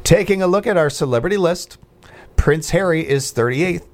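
A man's voice: on the high side, expressive, moderate pace. A man in his forties hosting a radio show, talking casually and loosely with frequent fillers and restarts. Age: 40s. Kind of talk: casual on-air chat.

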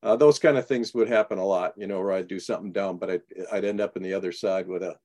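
A man being interviewed as an author, telling animated stories and acting out the dialogue. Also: sits low, quick pace. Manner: animated anecdotes, acts out quoted dialogue. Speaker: guest author. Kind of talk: storytelling in a radio interview.

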